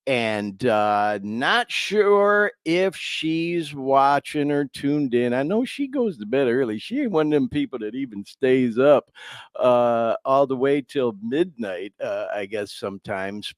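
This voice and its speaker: A man hosting a podcast in an unhurried, easygoing way, his pitch swinging widely as he speaks. He sounds heartfelt and keeps choking up. The sound is dry and close. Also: no echo. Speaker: podcast host. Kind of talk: casual podcast talk.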